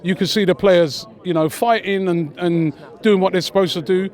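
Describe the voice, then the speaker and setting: A young man chatting excitedly as a fan after a match, repeating himself with lots of fillers. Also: sits high, moderate pace. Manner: animated, repeats phrases, many fillers. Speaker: interviewed fan. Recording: crowd noise outdoors.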